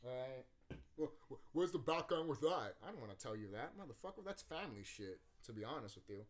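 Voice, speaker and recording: Animated swearing man reviewing a movie. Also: mid-range voice, brisk. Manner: animated, swearing, laughing, acting out scenes. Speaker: YouTube channel host. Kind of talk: casual movie review rant. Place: room at home.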